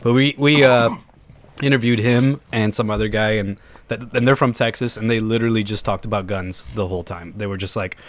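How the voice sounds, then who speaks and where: A man who is a guest on a podcast, talking in an easygoing, relaxed way in casual chat. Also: on the low side, a little fast. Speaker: podcast guest, social worker.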